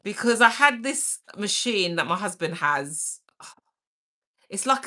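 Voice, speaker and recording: A woman's voice: on the low side, bright, forceful tone. A woman hosting a casual livestream, chatting to viewers and reading their comments in a bubbly, chatty way. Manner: drops into a whisper for asides. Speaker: livestream host.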